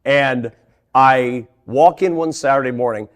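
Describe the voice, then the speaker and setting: Middle-aged male sportscaster, interview guest; animated storyteller, stumbling restarts. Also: medium pitch, unhurried. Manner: animated, laughs through anecdotes, frequent restarts.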